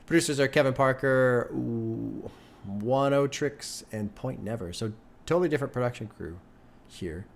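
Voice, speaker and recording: A man's voice: mid-range voice, moderate pace, creaky. Older man musing casually over an album. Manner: musing aloud, loose and conversational, swears casually. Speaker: album reaction host. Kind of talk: casual music reaction commentary. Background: music playing faintly.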